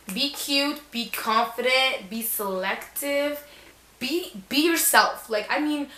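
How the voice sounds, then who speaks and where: A woman's voice: fairly high pitch, pushed and bright, echoey room, low-quality recording. A young woman giving casual back-to-school advice in a sassy, chatty way, full of slang and acted-out quotes.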